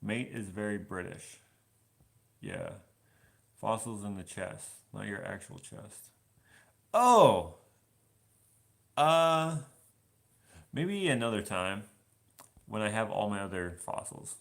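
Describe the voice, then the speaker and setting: A young man with a low, gravelly voice chats loosely through a live Q&A. He reads viewer comments aloud and wanders off on tangents as he goes. He is washing dishes at home in his kitchen. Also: a little slow, a bit bright. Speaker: vlogger answering live questions. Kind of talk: casual live Q&A chat.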